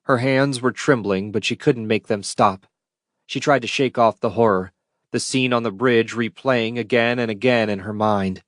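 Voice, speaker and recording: A man narrating a science fiction audiobook in a steady, measured read into a close mic. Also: mid-range voice, dry recording. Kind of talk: scripted narration.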